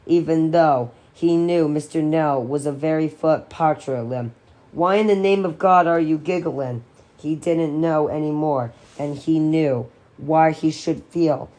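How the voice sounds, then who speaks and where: A woman reading a horror novel aloud in a steady, expressive storytelling voice. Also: low voice. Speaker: audiobook reader.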